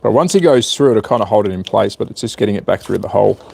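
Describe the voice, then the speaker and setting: A man's voice: lowish voice, lively intonation, fast talker, vocal fry, darkish tone, slight background noise. A man chatting casually on a live stream while repairing a small device, muttering to himself as he works. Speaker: hobby livestreamer.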